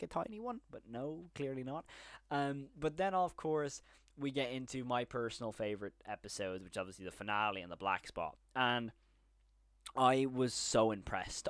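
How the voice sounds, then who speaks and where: A man's voice: fairly low pitch, fairly bright tone, dry recording. A man giving a casual, enthusiastic and rambling review of a TV series, now and then acting out lines from the scenes. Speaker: show reviewer.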